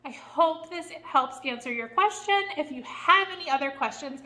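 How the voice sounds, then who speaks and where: A woman's voice: sits high, lively intonation, moderate pace, sharp tone. A woman dog trainer giving a frank, chatty lesson on dog behavior. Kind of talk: instructional video.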